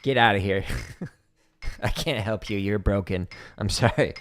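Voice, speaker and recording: A man's voice: lowish voice, a little slow, fairly bright tone, slight background noise. A man hosting a drumming livestream, chatting casually between practice and laughing often as he mocks the voices of commenters. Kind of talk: casual chat while practicing. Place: home practice room with drums.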